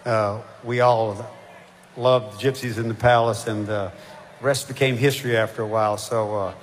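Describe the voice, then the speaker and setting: An older man, a touring singer chatting between songs in a halting, rambling way with lots of fillers. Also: fairly low pitch, fairly even intonation, a little hiss or hum. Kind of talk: onstage banter between songs. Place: concert stage. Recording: live hall reverb with band music.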